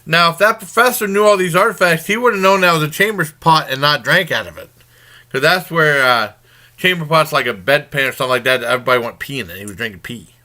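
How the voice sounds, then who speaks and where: A man's voice: fairly high pitch, fast talker, pushed and bright. A man casually reviewing a new TV comedy, retelling the plot in a rambling, informal way. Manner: informal and conversational. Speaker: TV show reviewer.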